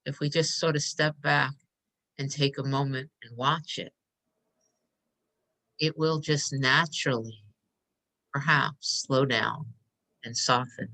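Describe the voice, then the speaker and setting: A woman hosting a live stream, speaking softly and emotionally as she guides listeners through a breathing meditation. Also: rumbling low, steady tone, slow pace, pauses often. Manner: soft, emotional, inviting. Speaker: host.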